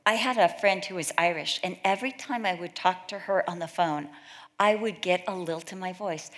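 A woman's voice: fairly low pitch, normal speed, fairly bright tone. A middle-aged woman from California giving an informal talk to a women's Bible study, chatty and full of anecdotes where she acts out what other people said. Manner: chatty storytelling, acts out quoted voices.

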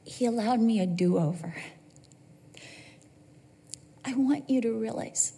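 A woman's voice: on the high side, moderate pace, gravelly, hardly any pauses, warm tone, slightly rough. A middle-aged woman giving an emotional testimony in sermon style, her voice rising and cracking as she tells the story. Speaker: speaker. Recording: long hall reverb.

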